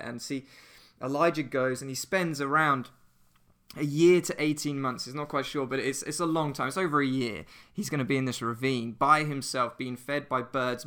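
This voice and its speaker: A man hosting a church podcast, giving an earnest, conversational devotional talk that leads into prayer. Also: medium pitch. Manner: earnest, conversational, animated retelling.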